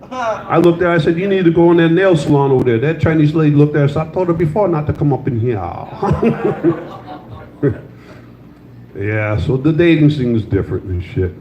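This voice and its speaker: An older man performing a loose, crude stand-up set, telling stories and teasing the audience in a comedy club. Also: a little high. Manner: loose, crude storytelling with crowd banter. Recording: slightly dull, roomy live club sound.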